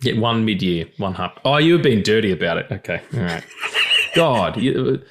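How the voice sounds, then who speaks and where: Animated, crude-joking male podcast host. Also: on the low side, moderate pace, background noise. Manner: animated, crude, jokey, with restarts. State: slightly gravelly voice after losing it. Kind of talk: casual podcast banter.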